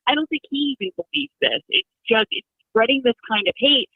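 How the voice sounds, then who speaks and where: A woman's voice: sits high, lively intonation, slightly rough, no room sound. Woman on a tinny phone line. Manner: earnest, opinionated, with halting restarts. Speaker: radio show guest. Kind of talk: political talk radio chat. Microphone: telephone.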